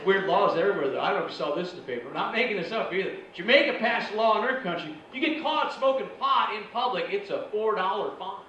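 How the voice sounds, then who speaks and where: Stand-up comic in an echoey club. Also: male voice, high-pitched, lively intonation, fast, hardly any pauses, sharp tone, dull audio, slight background noise. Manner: storytelling, acting out other people's lines. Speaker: stand-up comedian. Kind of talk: stand-up routine. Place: comedy club stage. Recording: echoey club, far mic, crowd laughter.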